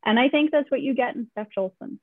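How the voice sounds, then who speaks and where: Talking fast in a high voice, a female basketball writer chats casually as a podcast guest, often restarting and using fillers. The recording comes through a dry, tinny remote line that sounds like a phone.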